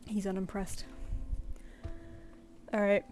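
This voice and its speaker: A woman's voice: medium pitch, flat delivery, slow, a little mellow, soft background music. A woman artist chatting casually on a live stream, rambling and self-deprecating, and talking to her pet between thoughts.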